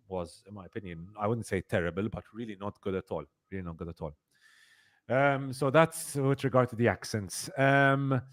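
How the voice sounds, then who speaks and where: Man, fairly low voice, casual podcast host, rambling, fillers, emphatic. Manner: rambling, many fillers and repeats; emphatic complaints. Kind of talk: casual review chat.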